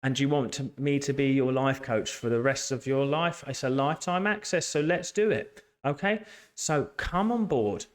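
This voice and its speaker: A man's voice: mid-range voice, normal speed. A man working as a life coach, talking to camera in an earnest, emphatic way and repeating key phrases. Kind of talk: motivational talk to camera.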